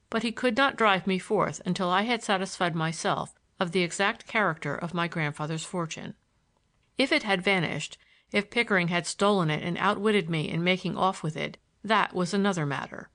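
Woman reading an old novel aloud, lively pitch, measured. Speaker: audiobook narrator. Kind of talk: first-person audiobook narration.

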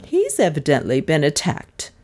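A woman's voice: sits low, huge pitch swings, moderate pace, a little mellow, full character voice. Woman reading a composed older lady.

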